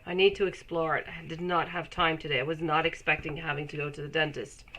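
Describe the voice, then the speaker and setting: A woman with a cold and a stuffy, nasal voice, chatting warmly with her viewers while reading tarot on a live stream. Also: sits low, fairly even intonation, fast talker, very noisy. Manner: chatty, affectionate, laughs often. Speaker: tarot reader.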